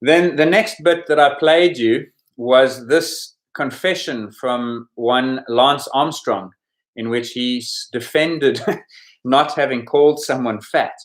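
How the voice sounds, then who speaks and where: A man's voice: medium pitch, slow. A man hosting a podcast quiz, talking casually as he explains the answers with chatty asides. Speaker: podcast host running a sports quiz. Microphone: podcast microphone.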